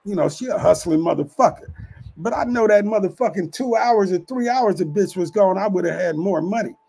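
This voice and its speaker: A man with a fairly high, gravelly voice tells a street story in a loose, casual way. His talk is husky and rough-edged, heavy with profanity. He keeps checking in with the listener, asking if they follow. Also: lively intonation, brisk, a little mellow. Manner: profane, streetwise, keeps asking "you know what I'm saying". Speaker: channel host telling street stories.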